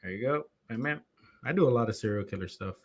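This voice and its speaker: A man's voice: medium pitch, animated, fast, slightly rough. Rambling, chatty man live-streaming. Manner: rambling, chatty, self-interrupting. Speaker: streamer and podcast host. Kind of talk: casual live-stream chat.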